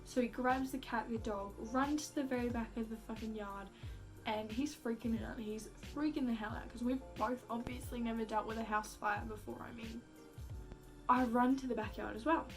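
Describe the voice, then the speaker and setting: A woman's voice: on the high side, fairly even intonation, normal speed, faint music behind. Chatty young woman telling a story. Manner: chatty, heavy use of "like" fillers; swears casually and acts out quotes. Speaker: vlogger. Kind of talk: casual storytelling.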